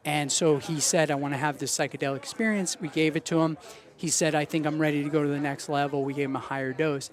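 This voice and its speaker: Animated man telling a story. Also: fairly high pitch. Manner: animated anecdote-telling with quoted voices. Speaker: podcast guest. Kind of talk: casual storytelling.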